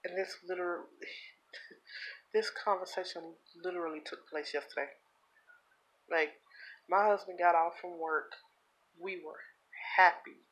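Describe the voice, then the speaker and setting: A woman's voice: lowish voice, fairly even intonation, a bit bright, poor audio. Earnest woman holding back tears. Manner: earnest and heartfelt, with halting repeats. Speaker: vlogger. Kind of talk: personal confessional vlog.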